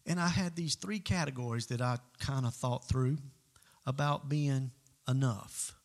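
A man preaches a sermon as pastor, speaking emphatically and shifting between loud calls to the congregation and quiet asides. His voice is medium in pitch and his pace measured.

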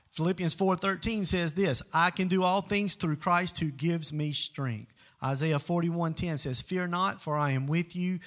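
Male pastor, raised pitch with fry, emphatic sermon delivery. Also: measured pace. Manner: emphatic, swings between loud calls to the congregation and quiet asides.

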